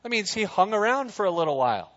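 Youth-pastor type, man, casual jokey preaching, slightly higher voice, long hall echo. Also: very animated, quick pace, fairly bright tone. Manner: chatty, jokey, asks the crowd questions. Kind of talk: casual sermon. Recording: dull sound in a reverberant hall.

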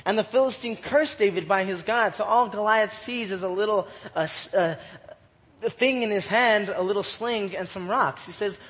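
A man's voice: sits high, moderate pace, a bit bright, long reverb tail. A man leading a casual Bible study, reading verses aloud and retelling them in chatty slang with frequent laughs.

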